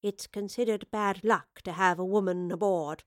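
A woman voicing a calm, learned female professor who explains things in a quiet, measured voice. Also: mid-range voice, no echo, clean studio sound, close to an everyday voice. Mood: quiet, grave.

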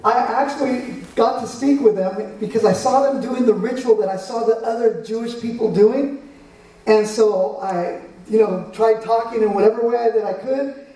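A man's voice: high voice, normal speed, warm tone, recorded from a distance. Earnest man in an echoey room. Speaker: guest recounting a trip. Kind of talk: casual conversational recounting.

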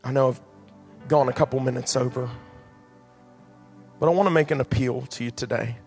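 A male pastor preaching an impassioned sermon in a church sanctuary, building to loud appeals. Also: mid-range voice, moderate pace. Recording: long hall reverb, faint music.

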